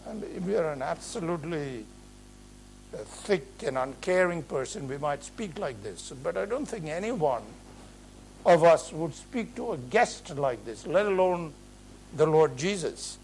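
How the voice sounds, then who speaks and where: A man preaching an earnest, emphatic expository sermon in a measured way. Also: on the high side, expressive, slight background noise, rough recording.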